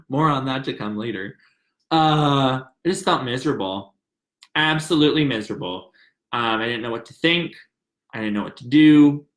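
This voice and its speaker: A man's voice: mid-range voice, moderate pace, roomy sound. Emotional young man telling his story. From American South. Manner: earnest, emotional, rambling confessional. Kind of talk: personal story, casual retelling.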